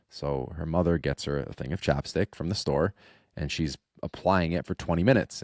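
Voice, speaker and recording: Thirties guy podcaster, super deep voice, telling family stories, dry close sound. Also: no echo. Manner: earnest storytelling, animated when quoting. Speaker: podcast co-host. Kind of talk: casual podcast chat.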